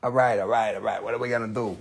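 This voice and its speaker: Gravelly, joking man selling crystals live. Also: on the low side, steady tone, very fast. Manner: chatty, joking, self-mocking, rambling. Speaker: live stream crystal seller. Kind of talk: casual live sales stream banter.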